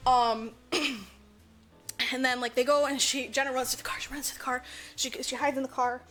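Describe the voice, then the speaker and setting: Over soft background music, a woman with a high-pitched, brisk voice co-hosts a podcast, recapping a movie. Her chat is casual, animated and full of swearing, and she acts out the characters' lines.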